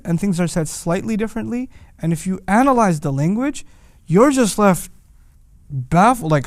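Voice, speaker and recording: A man teaching a lecture on the language of the Quran, animated and emphatic, often asking rhetorical questions. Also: high voice, dry recording.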